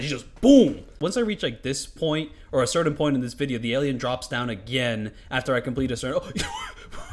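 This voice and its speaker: Bright, lively man rambling over gameplay. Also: mid-range voice, a little hiss or hum. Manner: rambling, profane, lots of fillers. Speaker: gaming commentator. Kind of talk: casual gameplay commentary.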